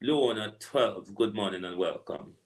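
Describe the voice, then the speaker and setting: Slow, preachy Jamaican man ranting. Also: lowish voice. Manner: preachy, repetitive, rhetorical "hmm?" asides. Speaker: online political commentator. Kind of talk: ranting monologue.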